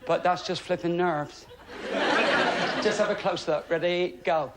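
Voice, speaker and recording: High-voiced English comic working a crowd. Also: male voice, a little slow. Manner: chatty, self-mocking, deadpan asides to the crowd. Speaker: stand-up comedian. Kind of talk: stand-up comedy routine. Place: TV studio before a live audience. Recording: loud studio audience laughter and noise.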